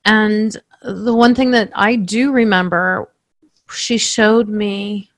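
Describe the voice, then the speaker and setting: A woman working as a medium, tenderly recounting a reading to the person she read for, emotional and halting. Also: mid-range voice, fairly even intonation, no room sound, clean studio sound.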